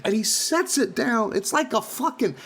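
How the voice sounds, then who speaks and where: A man co-hosting a podcast, a stand-up comic telling a profane, animated story in casual chat, often laughing. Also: very high voice, moderate pace, husky.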